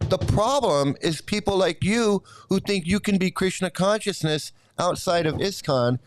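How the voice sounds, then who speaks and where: A man's voice: high-pitched, expressive, measured pace. A middle-aged man giving an angry, profane commentary rant, repeating himself heatedly. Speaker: YouTube commentator.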